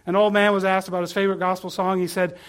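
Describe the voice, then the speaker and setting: A pastor preaching a sermon, earnest and asking the congregation questions. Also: male voice, high-pitched, level tone, racing, fairly bright tone, clean tone.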